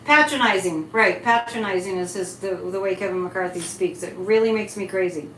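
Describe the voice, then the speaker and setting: In an echoey room with faint noise, a woman hosts a psychic live stream. Her mid-range, fairly bright voice moves at a moderate pace as she chats animatedly and casually, taking chat comments as she goes.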